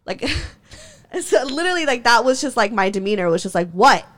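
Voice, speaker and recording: A woman's voice: sing-song, a little fast. Young woman, casual storytelling, heated and profane, laughs a lot. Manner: heated, profane, frequent laughs, many "like" fillers; jumps in pitch when worked up. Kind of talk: casual chat.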